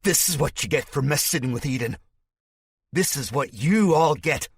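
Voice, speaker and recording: A man voicing a manic, unhinged male militia leader who yells in a shrill, high voice, in an audiobook. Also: lively intonation, normal speed, breathy edge, dry recording.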